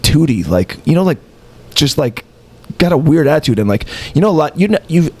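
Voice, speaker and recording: A man's voice: fairly high pitch, brisk, breathy edge. A man co-hosting a casual podcast, telling a story and acting out the quotes, with a New York accent. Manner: animated storyteller, acts out quotes. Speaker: podcast co-host. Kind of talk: casual chat.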